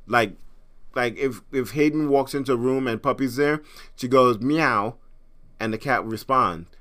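A man's voice: medium pitch, moderate pace, a bit bright. A middle-aged man from Trinidad hosting a podcast in casual, rambling chat, with frequent restarts. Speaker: podcast host.

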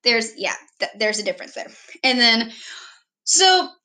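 Young woman, rambling casual intro, giggly, bright, slightly high voice. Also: very animated, unhurried. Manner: rambling, giggly, self-deprecating. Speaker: vlogger introducing herself.

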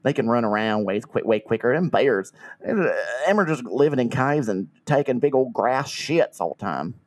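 A man's voice: mid-range voice, animated, moderate pace, close to an everyday voice. A man voicing a brash Southern redneck customer in an improvised comedy bit, with a put-on Southern accent. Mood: rambling.

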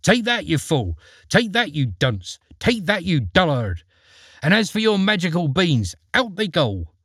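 A shrill, fiery storybook mother who scolds in rapid outbursts, put on by a man. The voice sits high and leaps all over, with a husky edge, in a dry, close sound. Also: very animated, dry recording. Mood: furious. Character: shrill, scolding peasant mother, fierce-tempered.

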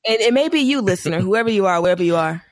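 A man hosting a casual podcast, an animated storyteller who laughs often. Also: sits high, racing, no echo, clean studio sound. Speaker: podcast host.

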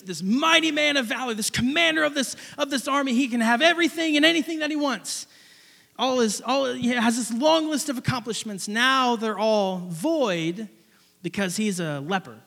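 A young man preaching a sermon, telling a personal story in an animated, rambling way with many restarts. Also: extremely high pitch, moderate pace, vocal fry, in a large hall.

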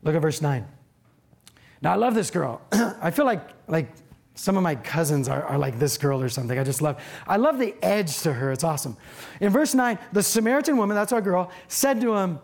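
A preacher giving a casual, conversational sermon, animated and speaking directly to the congregation. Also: medium pitch, brisk.

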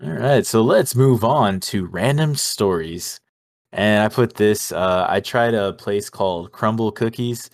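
A young man co-hosting a podcast, telling a story in casual chat with animated energy, frequent laughs and casual swearing. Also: lowish voice, unhurried, gravelly. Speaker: podcast co-host.

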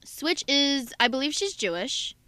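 A woman's voice: high-pitched, sing-song, measured pace, pushed and bright, no room sound. A woman chatting as a guest on a radio talk show, upbeat and full of fillers. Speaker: voice actress guest. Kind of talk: casual chat.

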